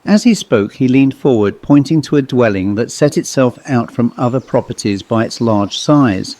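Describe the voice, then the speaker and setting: A man from England reading his own ghost story in a measured, reflective audiobook narration. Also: mid-range voice, lively intonation, darkish tone, no room sound. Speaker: author and narrator.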